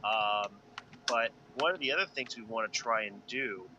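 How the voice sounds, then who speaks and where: A man, a pilot, chatting casually about a space game in a relaxed, rambling way, thinking aloud with fillers. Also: fairly low pitch, normal speed, dull audio. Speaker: pilot and gaming video co-host. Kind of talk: casual gaming chat. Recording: noisy background.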